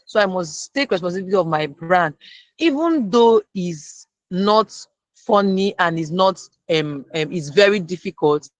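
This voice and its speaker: A speaker, sharing a personal lesson as a guest and retelling it lively, acting out the people in the story. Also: mid-range voice, unhurried, no echo. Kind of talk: storytelling testimony.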